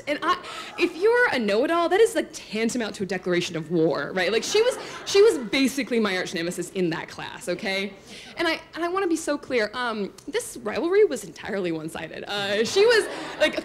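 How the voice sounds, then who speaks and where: Self-mocking woman telling a story on stage. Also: a little high. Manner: chatty and self-mocking, many likes and asides to the crowd. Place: storytelling stage before an audience.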